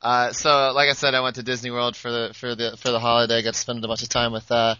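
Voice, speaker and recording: Bright-voiced joking man on a podcast. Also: medium pitch, little pitch movement, fast talker, clear, resonant tone, highs cut off. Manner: jokey, laughs often. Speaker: podcast co-host. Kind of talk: casual sports podcast banter.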